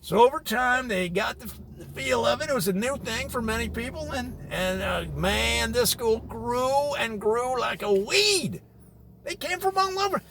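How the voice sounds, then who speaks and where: Gravelly high-voiced man rambling in mock authority. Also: lively intonation, unhurried, fairly bright tone, slight background noise. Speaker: comedic presenter. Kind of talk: improvised deadpan parody spotlight.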